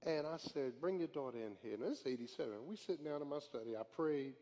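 High, lively preacher man in a reverberant hall. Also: fast talker. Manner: preaching cadence, swings from soft storytelling to shouting. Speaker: pastor. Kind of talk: sermon. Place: church sanctuary.

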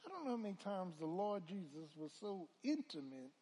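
A male preacher delivering a call-and-response sermon, moving from hushed murmurs to loud, drawn-out calls. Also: high-pitched, very animated.

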